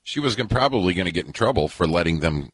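A man's voice: sits low, lively intonation, fast, husky, no echo. A man co-hosting a radio talk show, dropping in jokes and short interjections. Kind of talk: casual radio chat.

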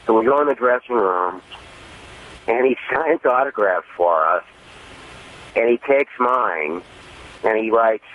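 A man's voice: medium pitch, normal speed. A man calling in to a radio show, telling a story with a storytelling manner. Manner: storytelling, quotes others with lively voices. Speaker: caller. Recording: dull phone-in line.

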